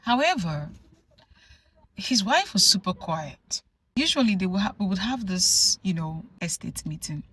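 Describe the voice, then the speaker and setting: Animated husky woman telling a story. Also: mid-range voice, a little slow. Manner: animated, conversational, frequent asides. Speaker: vlogger. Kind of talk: storytelling vlog.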